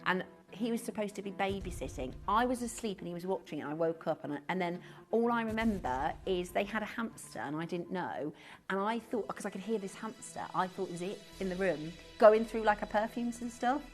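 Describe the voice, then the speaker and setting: A woman's voice: medium pitch, lively intonation, a little fast, soft background music. A woman presenting on a live shopping channel in a chatty way, full of rhetorical questions. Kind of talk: live TV selling chat. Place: TV studio.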